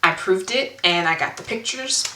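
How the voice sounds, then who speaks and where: A woman's voice: mid-range voice, animated, normal speed, bright, forceful tone. Earnest woman telling a hair story. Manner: earnest, emotional, reads from notes, many ums. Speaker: hair vlogger. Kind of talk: casual storytime vlog. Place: indoor room at home. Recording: echoey room.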